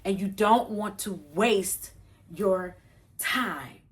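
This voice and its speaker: A woman's voice: mid-range voice, extremely slow. Vlogger, woman, 50s, casual rambling chat to camera, earnest and repetitive. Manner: earnest, rambling, repeats herself for emphasis; folksy, informal talk. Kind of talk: casual chat to camera while doing chores.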